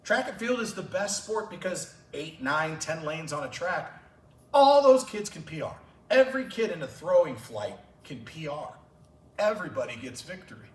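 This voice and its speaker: A man's voice: fairly high pitch, expressive, moderate pace. A man who coaches track and field, telling stories to fellow coaches at a clinic with passion and open emotion. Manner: passionate storytelling, gets emotional. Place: large conference room. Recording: echoey room, voice far from mic.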